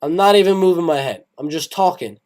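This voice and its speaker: Lively young man hosting a livestream. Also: a little high, brisk, noisy background. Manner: rambling, repeats phrases, swears casually. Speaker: MMA live stream host. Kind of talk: casual live stream, reading chat.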